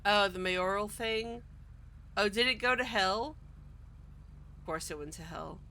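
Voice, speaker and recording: A woman's voice: medium pitch, unhurried, sharp tone, slight background noise. A woman streamer chatting casually while she plays, exasperated and ranting, swearing often. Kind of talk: casual roleplay stream chat.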